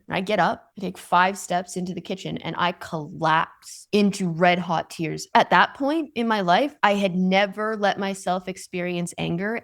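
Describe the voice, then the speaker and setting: Podcast host, woman in her thirties, candid personal storytelling, gravelly edge to the voice. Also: lowish voice. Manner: candid, emotional, conversational.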